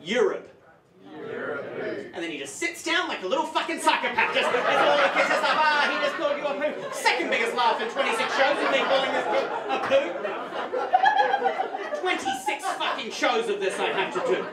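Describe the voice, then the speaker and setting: A man with a high, bright voice tells an animated, profane story as a live stand-up comic. He is heard from a distance in an echoey club room. Faint room ambience sits underneath. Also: fairly quick, over a noisy crowd, very noisy. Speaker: stand-up comedian. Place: comedy club stage with audience.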